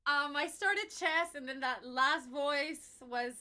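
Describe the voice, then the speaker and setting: A woman's voice: high-pitched, takes it slowly, bright, forceful tone. A woman singing student on a video call, answering her teacher in a thoughtful, self-critical way. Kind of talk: answering in a lesson.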